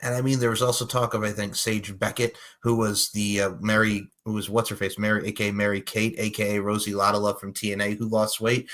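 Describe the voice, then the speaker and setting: A man from Long Island with a New York accent, co-hosting a casual wrestling podcast, animated and quick to laugh. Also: fairly low pitch. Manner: animated, laughs often, talks at length. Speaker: podcast co-host.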